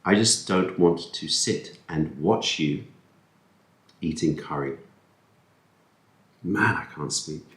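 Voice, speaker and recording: A man with a deep, low voice rambles on in a relaxed, self-mocking way, stumbling over words as he eats. He is recorded on a camera-mounted mic in an echoey room. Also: slow, long pauses. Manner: rambling, self-deprecating, talks with food in mouth. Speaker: food vlogger. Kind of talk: casual chat while eating. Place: indoors at a table, eating.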